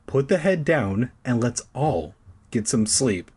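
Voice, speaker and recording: Man doing a tired, gentle mom. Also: medium pitch, very animated, slow, husky, full character voice. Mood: weary. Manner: soft, soothing. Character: tired, gentle mother soothing her son.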